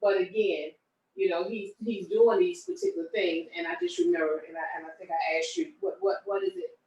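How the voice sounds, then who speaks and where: A woman co-hosting a relationship discussion, talking in a reflective, halting way and often repeating words. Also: on the low side, expressive, darkish tone. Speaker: co-host. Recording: roomy echo from a distant mic.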